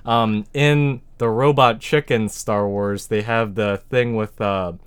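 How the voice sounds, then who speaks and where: A man's voice: on the low side, steady tone, takes it slowly, smooth. A man chatting casually about a show, chiming in with jokes and chuckling a lot. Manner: laid-back, chuckles a lot, chimes in with jokes. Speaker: podcast co-host. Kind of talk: casual show recap chat.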